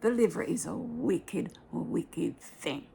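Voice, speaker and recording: A woman with a Jamaican accent telling her own life story in a personal vlog, plain-spoken and unhurried, often dropping into a breathy whisper. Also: medium pitch, lively intonation, warm tone, slight background noise.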